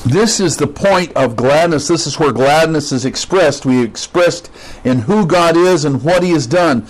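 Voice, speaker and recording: A man's voice: a little high, lively intonation, a little slow. A male pastor delivers a sermon in a slightly raised voice. He teaches conversationally, breaking off for asides and questions to the congregation.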